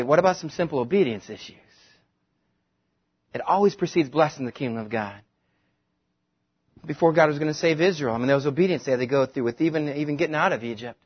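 A male pastor preaching a sermon, animated, slipping into quick voices to act out the people in his stories. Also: on the high side, slightly rough, muffled recording. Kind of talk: sermon with comic retelling.

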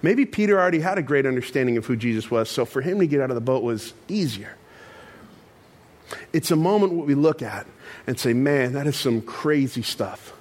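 A man preaching a sermon in a conversational, animated storytelling style with casual asides. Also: medium pitch, fairly quick. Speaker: pastor.

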